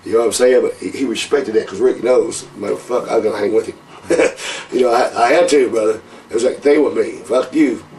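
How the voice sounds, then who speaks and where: A man's voice: lowish voice, fast talker, few pauses, distant mic, slight background noise, rough recording. An older man, telling profane wrestling stories in a casual interview and calling people brother. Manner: profane, animated, calls people brother, laughs often. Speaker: interview guest, former wrestler.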